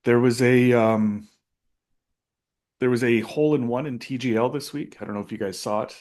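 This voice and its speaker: A man's voice: medium pitch, steady tone, normal speed, a little mellow. A man co-hosting a golf comedy podcast, talking in a laid-back way and often answering with short agreement. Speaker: podcast co-host. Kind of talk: casual comedic chat.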